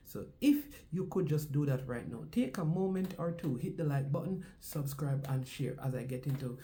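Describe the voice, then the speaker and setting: Jamaican male sports host, warm mellow tone, preachy repetitive delivery. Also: fairly high pitch, lively intonation, normal speed, hardly any pauses. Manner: preacher-like cadence, repeats phrases for emphasis. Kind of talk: casual sports commentary with a sermon-like opening.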